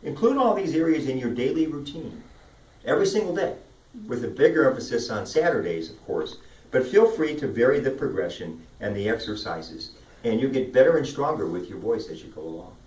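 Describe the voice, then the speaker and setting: A man coaching speech and debate students, upbeat and demonstrative as he walks through vocal warm-up drills. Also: mid-range voice, sing-song, a little fast. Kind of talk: instructional talk. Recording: roomy sound from a distant mic.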